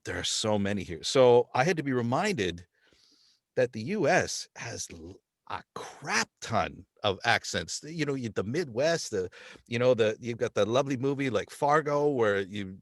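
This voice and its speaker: A man from Canada hosts a casual podcast chat, telling stories with lively asides and quick impressions of other accents. His voice sits at an ordinary middle pitch. The sound is dry and close, with almost no room around it. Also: no echo. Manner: animated storyteller, slips into mock accents. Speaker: podcast host.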